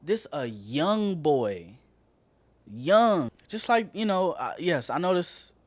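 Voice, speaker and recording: A man's voice: a little high, big pitch swings, slow pace, no room sound. A man co-hosting a casual podcast, ranting passionately and swearing a lot. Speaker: podcast co-host.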